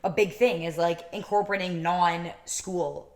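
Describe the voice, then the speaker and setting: Chatty young woman, lowish voice. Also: a little slow, a crowd in the background. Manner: chatty, upbeat, heavy use of "like". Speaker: podcast co-host and law student. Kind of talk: casual podcast chat.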